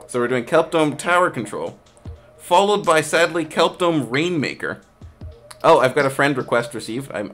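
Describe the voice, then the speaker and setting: A man casually hosting a game stream, reading chat aloud, trailing off and restarting, with bursts of excited play-by-play. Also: medium pitch. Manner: excited play-by-play shouting during action. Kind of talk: casual live-stream commentary.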